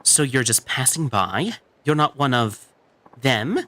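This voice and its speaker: A man voicing a distraught middle-aged mother in a game dub, with a high, wavering, pleading voice. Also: animated, a little slow, sharp tone.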